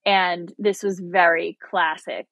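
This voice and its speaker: A woman's voice: fairly low pitch, steady tone, slow pace, creaky, a bit bright, no room sound. A woman in casual conversation, telling a story animatedly, laughing often and acting out what people said. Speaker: guest.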